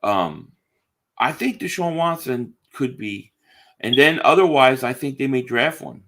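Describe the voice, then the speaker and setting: A man's voice: mid-range voice, lively intonation, unhurried, a bit bright. A man, co-hosting a casual sports podcast, confident and emphatic, repeating words for stress. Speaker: podcast co-host.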